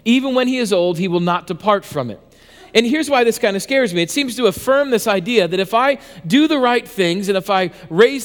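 High-voiced pastor in a reverberant hall. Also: male voice. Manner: self-mocking storyteller, animated and conversational with frequent restarts. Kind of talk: sermon with a comic personal story.

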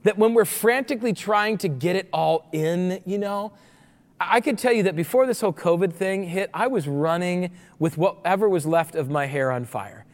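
A man in his forties, a pastor preaching a sermon, telling the story in an animated way and acting out voices of the people. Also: high-pitched, moderate pace. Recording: long reverb of a large hall.

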